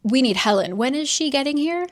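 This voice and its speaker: A man's voice: very high-pitched, animated, voice pushed up. Woman doing an awkward, formal young man. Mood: earnest. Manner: formal, earnest, quick to anger.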